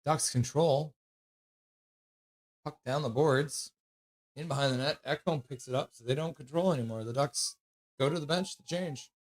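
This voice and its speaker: A man calling live hockey play-by-play from his stream in a casual way, with quick calls and offhand jokes. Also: fairly high pitch.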